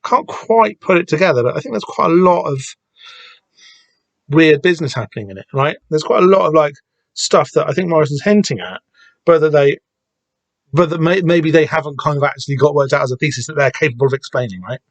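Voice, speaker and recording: A man's voice: fairly high pitch, fairly quick, no room sound. A man hosting a podcast, talking casually and rambling with many restarts and the odd swear word. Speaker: podcast host discussing a comic.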